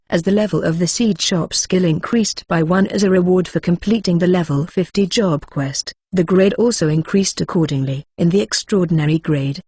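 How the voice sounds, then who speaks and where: A synthetic text-to-speech voice narrating a web-novel audiobook in a flat, even delivery, reading out symbols and abbreviations literally. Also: mid-range voice, husky, no echo, clean studio sound.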